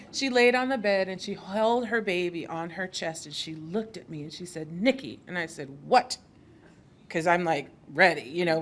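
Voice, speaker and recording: A woman who works as a birth worker, telling an animated story in a speech at a podium in an event hall. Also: fairly low pitch.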